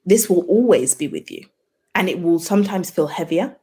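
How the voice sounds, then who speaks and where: A woman's voice: on the low side, normal speed, warm tone, slightly rough. A woman, a midwife and birth debrief facilitator, talking through her work as a podcast guest in a reflective way, often acting out example conversations. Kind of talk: conversational interview.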